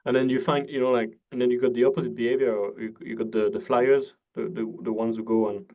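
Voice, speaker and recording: Mellow-voiced hesitant male host. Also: medium pitch, little pitch movement, fast. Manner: hesitant, many "uh" fillers. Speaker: podcast host. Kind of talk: casual interview chat.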